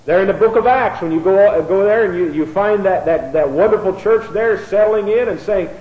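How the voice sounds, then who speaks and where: A man lectures a bible class in a slightly high voice. He spells key words out letter by letter and circles back over his points. The recording is roomy and echoey with a dull, muffled sound. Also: moderate pace. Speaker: bible teacher.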